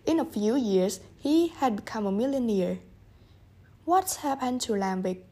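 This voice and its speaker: A woman reads a children's storybook aloud in a gentle manner, speaking straight to her young listeners. Her voice sits a little high. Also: lively intonation, a little slow, husky. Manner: gentle, addresses listeners directly.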